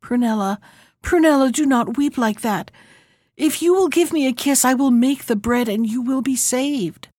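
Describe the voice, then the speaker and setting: A woman voicing a kind, wistful young man in a storybook reading, speaking softly and gently. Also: high voice, moderate pace, no echo, studio quality. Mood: pleading.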